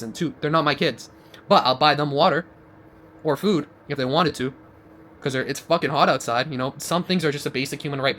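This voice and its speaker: A man's voice: a little high, fairly bright tone, a little hiss or hum. A man delivering a blunt, profane motivational monologue, rambling and restarting as he goes. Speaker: vlogger.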